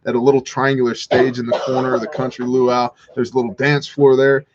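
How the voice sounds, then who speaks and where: A man hosting a livestream, telling stories in an animated, casual way and swearing freely. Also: medium pitch, quick pace, highs cut off, background noise. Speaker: livestream host. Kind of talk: casual storytelling chat.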